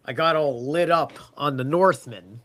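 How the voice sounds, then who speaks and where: Man, rambly podcast talker, highish voice, casual swearing. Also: a little slow, a bit bright.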